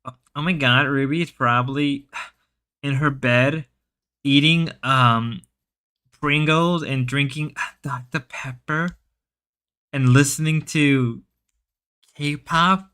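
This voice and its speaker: Bright, crisp-voiced rambling male streamer. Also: a little high, fairly even intonation, slow pace, pauses often. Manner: rambling, reading chat aloud, stumbling restarts. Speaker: livestreamer. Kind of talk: casual livestream chat.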